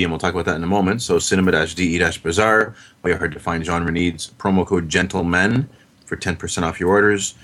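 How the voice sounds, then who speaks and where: A man's voice: low-pitched, a bit bright. A man co-hosting a casual film podcast, rattling off sponsor codes and blog links between chuckles. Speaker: podcast co-host. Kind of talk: casual chat.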